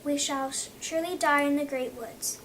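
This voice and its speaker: A woman reading the part of a frightened little girl, quick and stumbling. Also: sits high, fairly even intonation, a bit bright, slight background noise. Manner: quick, stumbling read-aloud delivery.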